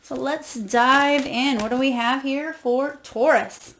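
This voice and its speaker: A woman with a high voice does a tarot reading for her viewers. She is effusive and encouraging, reads guidebook passages aloud, and bursts into emotional exclamations. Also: steady tone, slow pace, background noise. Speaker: tarot reader.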